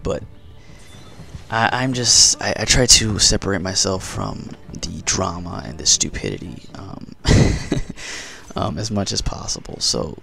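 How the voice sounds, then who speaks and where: A gaming commentator chats casually over gameplay in a groggy, just-woken morning voice that sits low and sounds creaky with a sharp edge. He takes his time, stays expressive, and rambles along with self-mocking jokes.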